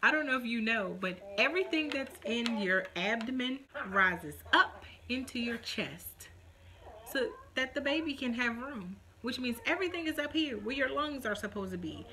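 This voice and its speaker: A young woman vlogging in a casual, dramatic chat, mock-quoting others with lively emphasis. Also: fairly high pitch, moderate pace, background noise.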